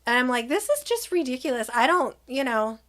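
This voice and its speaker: A woman's voice: high voice, sing-song, fairly quick, fairly bright tone. A young adult woman telling a storytime vlog to her viewers, retelling the argument with exasperation and quoted dialogue. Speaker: vlogger.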